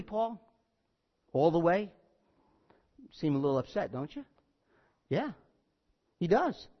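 Animated high-voiced male preacher. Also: lo-fi sound. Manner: animated, reads scripture with rising force and wry asides. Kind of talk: sermon.

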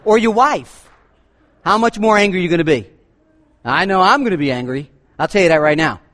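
Animated high-voiced preacher. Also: male voice, brisk. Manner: animated, swings between booming and low asides. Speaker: pastor. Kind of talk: sermon.

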